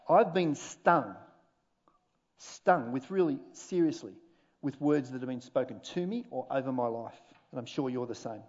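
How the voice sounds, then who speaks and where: A male pastor delivering a sermon in a church, his voice sitting high and carrying an animated, humorous preaching manner with deliberate pauses. The recording is dull and lo-fi. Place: church auditorium.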